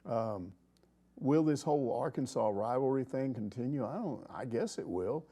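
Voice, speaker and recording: Opinionated man with a mellow voice. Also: mid-range voice, expressive, moderate pace, husky. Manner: rambling, opinionated, acts out quoted people. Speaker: sports talk host. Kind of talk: casual sports chat.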